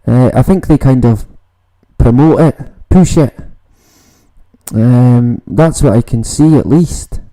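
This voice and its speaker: Male streamer, unhurried and mellow-toned, rambling casual chat with swearing. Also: mid-range voice, low-quality recording. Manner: rambling, swearing, reads out viewer comments. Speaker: livestream host. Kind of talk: casual late-night livestream chat.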